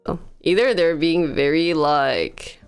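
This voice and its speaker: A woman's voice: low voice, takes it slowly, clean tone, faint music behind. A woman livestreaming from home, telling stories in a casual, chatty way and laughing often. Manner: chatty storytelling, frequent laughter.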